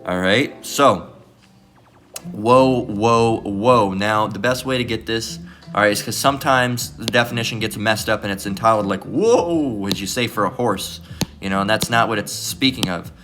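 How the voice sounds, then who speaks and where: A man's voice: lowish voice, fairly even intonation, fairly quick, bright, forceful tone, faint music behind. A man giving a rambling, casual scripture commentary as a self-styled bible teacher, cursing freely and tagging his sentences with "all right?". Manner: profane, digressive, constant "all right?" tags.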